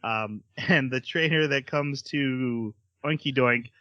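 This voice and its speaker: Bright-voiced man recapping, laughing. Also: mid-range voice, takes it slowly, no echo, lo-fi sound. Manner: giggly, recapping. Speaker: podcast co-host. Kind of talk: casual chat.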